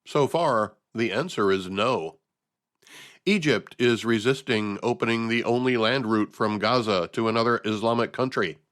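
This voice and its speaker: A man's voice: mid-range voice, normal speed, a bit bright. Man giving dry, sardonic news commentary. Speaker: podcast host. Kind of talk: scripted commentary monologue.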